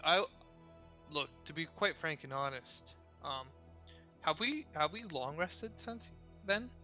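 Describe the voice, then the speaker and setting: A man's voice: fairly high pitch, animated, slow pace, sharp tone, lo-fi sound, faint music behind. A man playing a tabletop game, partly in character, in a hesitant, polite manner. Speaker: player.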